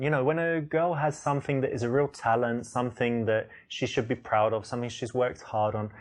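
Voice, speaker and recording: A man coaching the viewer on dating in a matter-of-fact, advising way. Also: medium pitch. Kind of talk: instructional commentary.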